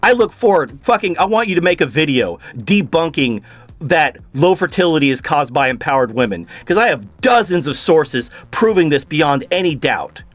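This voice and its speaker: A man rants in a furious, profane torrent, his higher-than-usual voice leaping wildly up and down. Faint music hums under him. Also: sing-song, moderate pace, no room sound. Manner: furious, profane, shouting bursts. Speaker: video host reacting to a clip. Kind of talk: angry ranting commentary.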